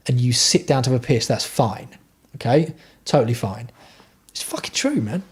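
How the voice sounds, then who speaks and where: A man's voice: medium pitch, a little mellow, husky. A man hosting a livestream, chatting casually with viewers in a rambling, sweary way. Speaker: livestream host.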